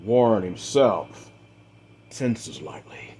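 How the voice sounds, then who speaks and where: A man acting as game master, narrating a tabletop role-play story in a measured, dramatic way with the odd filler. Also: fairly low pitch, lively intonation, very noisy.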